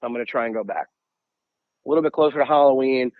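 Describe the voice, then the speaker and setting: A young man from the United States, a podcast guest, telling anecdotes in a casual, animated way and acting out quotes. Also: medium pitch, fast, no echo, narrow, tinny audio. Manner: animated, acts out quotes, many repeated "I'm like". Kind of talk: casual storytelling.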